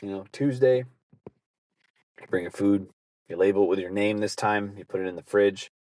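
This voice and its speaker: A man hosting a podcast, rambling through a casual comic story and slipping into quick acted asides. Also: on the low side, a little mellow, no room sound. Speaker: podcast host. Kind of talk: casual monologue.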